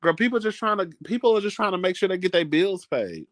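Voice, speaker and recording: A man's voice: high-pitched, lively intonation, fast, a bit bright, no echo, studio quality. A man vlogging in a casual, chatty storytelling style, dramatic and full of asides. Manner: chatty, dramatic, keeps calling listeners "girl".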